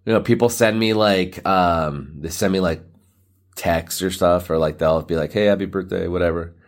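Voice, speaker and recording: Rambling deep-voiced guy podcasting solo. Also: moderate pace. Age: 30s. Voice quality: morning-rough voice. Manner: loose, rambling, lots of likes and dudes. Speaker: podcast host. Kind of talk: casual solo podcast rant.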